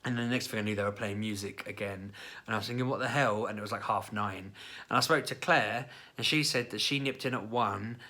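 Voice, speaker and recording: A man in his thirties telling a family story in a casual vlog, jumping into high, animated voices when he quotes people. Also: fairly quick. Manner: chatty, acts out quoted lines with sudden high-pitched voices. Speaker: parent vlogger.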